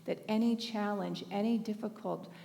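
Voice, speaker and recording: Woman speaker, sermon by anecdote, chatty with frequent laughs, fry in the voice. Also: mid-range voice, moderate pace, long reverb tail. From Northern California. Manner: conversational, laughs often, warm anecdotes. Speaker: speaker at a spiritual thanksgiving service. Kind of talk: storytelling sermon.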